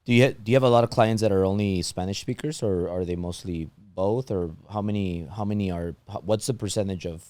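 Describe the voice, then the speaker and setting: A man hosts a casual interview in a low, unhurried voice. He asks his questions loosely, restarting and circling back as he goes. The sound is dry and close, with no room in it. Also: no room sound. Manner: relaxed, halting questions with restarts. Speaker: podcast host.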